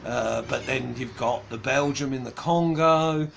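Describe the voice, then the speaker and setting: A man's voice: medium pitch, measured pace, vocal fry, fairly bright tone, a little hiss or hum. An Australian man rambling casually as he answers viewer comments on a livestream, chuckling, with many ums and restarts. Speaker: livestream host.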